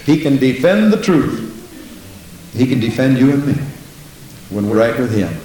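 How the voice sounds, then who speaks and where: A man's voice: big pitch swings, normal speed, warm tone. Preacher man in a very echoey room. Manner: emphatic, repeats "Praise the Lord", big pitch swings. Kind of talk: sermon with storytelling. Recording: very echoey room with faint hiss.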